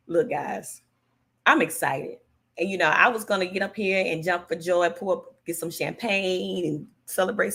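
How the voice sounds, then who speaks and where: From California, a woman hosts a casual political livestream, speaking emphatically, repeating her points and reading viewer comments aloud as she answers them. Her voice sits on the low side, gravelly and a bit bright with a breathy edge, and her manner is chatty.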